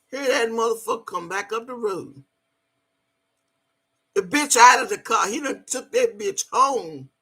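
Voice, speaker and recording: A woman's voice: mid-range voice, sharp tone, husky. A woman, telling a story in a blunt, emphatic way and cussing freely. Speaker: vlogger. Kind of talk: profane storytelling monologue.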